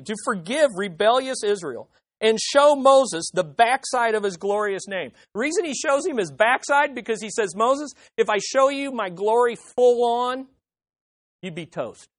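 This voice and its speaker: A woman preaching a sermon in an emphatic way, moving between loud stresses and hushed asides. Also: a little high, no room sound, studio quality.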